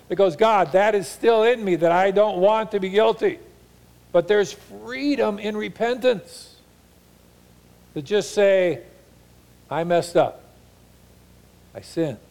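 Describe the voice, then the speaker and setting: A man preaching a sermon as a pastor, earnest, slowing and softening on key lines and slipping into mock voices to paraphrase. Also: a little high.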